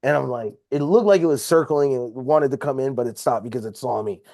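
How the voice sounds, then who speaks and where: Talking fast in a warm, medium-pitched voice, a man guesting on a podcast swears his way through a heated story about a confrontation. The podcast-microphone recording is studio quality with no echo.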